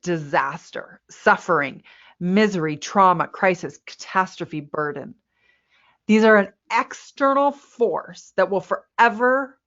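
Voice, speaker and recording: A woman presenting a workplace resilience webinar to a camera, lively and quick to laugh at herself. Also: on the low side. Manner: lively, laughs at herself, acts out quoted people. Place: indoor room with a window. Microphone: camera mic. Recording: slightly muffled webinar audio.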